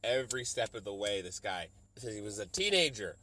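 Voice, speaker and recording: A young adult man hosting a solo podcast, rambling and profane as he riffs, slipping into quick mock voices to quote people. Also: fairly low pitch, very animated, sharp tone. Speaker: podcast host. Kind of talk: solo comedic podcast rant.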